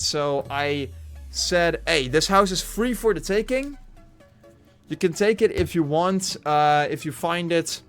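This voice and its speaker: A man streaming a Minecraft world, chatting casually and rambling with many fillers and restarts over faint background music. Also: a little high. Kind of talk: casual Minecraft livestream commentary.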